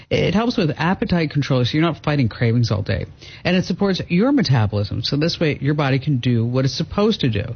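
A man hosting a call-in radio show, chatty and quick to laugh, giving advice to callers and reading ads. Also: mid-range voice, slightly rough. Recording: dull broadcast audio.

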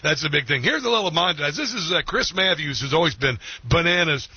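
A middle-aged man hosting a talk radio show, animated and mocking, often laughing. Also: a little high, a little fast, husky, no room sound. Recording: dull lo-fi broadcast sound.

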